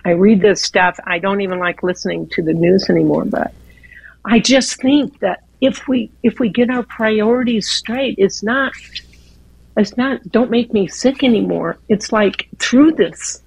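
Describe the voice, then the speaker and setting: Female radio guest, slow earnest devotional talk, gravelly and husky, dry studio sound. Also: medium pitch, no echo, low-quality recording. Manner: earnest, slow, with repeated words and restarts. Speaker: guest speaker.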